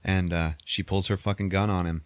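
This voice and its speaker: Male podcast host, deep voice, dry sound, animated profane storyteller. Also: fairly quick, clean tone, dry recording. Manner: animated storytelling, swearing, acting out characters in squeaky voices. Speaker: podcast host recapping a movie. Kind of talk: casual chat.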